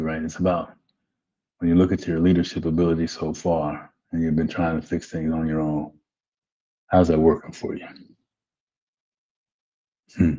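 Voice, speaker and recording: A man's voice: sits low, mellow. A man hosting a live webinar as a life coach, giving a motivational talk and tagging his lines with "right?" and "man.". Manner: repetitive, keeps asking "right?" and saying "man". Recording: dull lo-fi audio.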